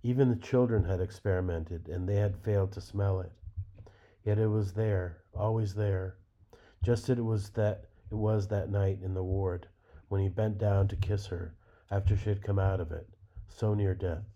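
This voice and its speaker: Guy reading a novel aloud, deep mellow voice, slow storytelling, muffled sound. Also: fairly even intonation. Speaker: reader. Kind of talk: literary fiction reading. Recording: dull lo-fi recording.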